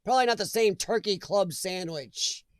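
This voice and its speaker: A man's voice: high-pitched, normal speed, dry recording. A man hosting a live chat stream, chatting casually and jokingly with viewers and reading their comments aloud, laughing often.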